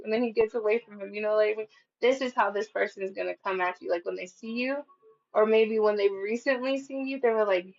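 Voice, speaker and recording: A woman's voice: mid-range voice, steady tone, brisk, muffled recording. A woman giving a casual tarot reading, talking in a chatty, profane way with lots of "like". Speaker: tarot reader.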